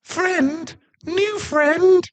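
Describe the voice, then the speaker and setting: A man voicing an excitable young were-dog man, a golden lab, eager and childlike, in an audio role-play. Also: very high voice, very slow, pitched above the performer's own voice, full character voice. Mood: excited.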